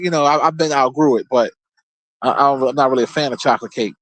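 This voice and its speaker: A man's voice: mid-range voice, fairly even intonation, quick pace, fairly bright tone, no echo. A man hosting his own show, telling loose, rambling stories in a casual, profane, laid-back way. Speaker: show host. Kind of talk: casual storytelling monologue.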